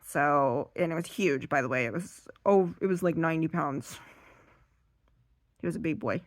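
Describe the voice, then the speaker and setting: A woman does seated stand-up comedy, rambling along in an animated way. Her voice sits low-ish, and the sound is dry and close. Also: normal speed, no echo.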